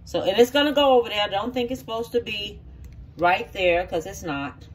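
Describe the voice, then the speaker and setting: A woman's voice: mid-range voice, brisk, distant mic, slight background noise. A middle-aged woman from the country, talking viewers through a recipe in her home kitchen in a homey, folksy way. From rural area. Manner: folksy, talks viewers through each step. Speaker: home cook. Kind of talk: casual cooking demonstration.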